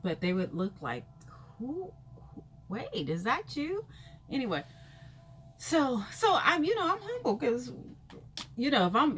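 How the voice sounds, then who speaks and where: A woman vlogger telling a personal story in a casual, rambling way, full of fillers, her pitch leaping when she acts out reactions. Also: a little hiss or hum. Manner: chatty and rambling, full of "you know" fillers; animated, jumps high in pitch when acting out reactions.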